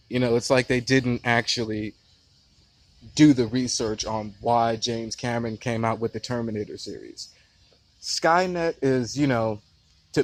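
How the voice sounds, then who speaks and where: A man's voice: mid-range voice, no room sound. Late-twenties man, mid-range voice, rambling heated outdoor movie rant. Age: late 20s. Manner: passionate, profane, rambling. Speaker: movie reviewer. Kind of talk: casual rant-style review. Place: outdoors near a beehive.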